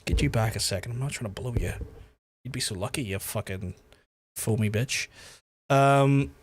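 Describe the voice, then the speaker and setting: A man's voice: mid-range voice, normal speed, breathy edge. A man streaming a video game, rambling and swearing in chatty asides to his viewers, close to his microphone. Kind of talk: casual gameplay livestream commentary. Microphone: close to the mouth.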